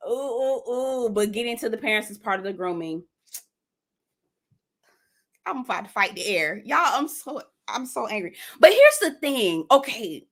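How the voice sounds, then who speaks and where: A young woman, hosting a casual live stream, animated and cussing freely as she reacts and reads comments aloud. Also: a little high, normal speed, long pauses.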